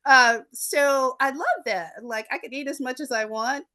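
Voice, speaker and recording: A woman's voice: high voice, a little slow, bright, forceful tone. A woman with a Southern US accent, an attorney and podcast guest, telling stories animatedly with frequent laughter and asides. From Memphis, Tennessee, US. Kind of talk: storytelling in an interview.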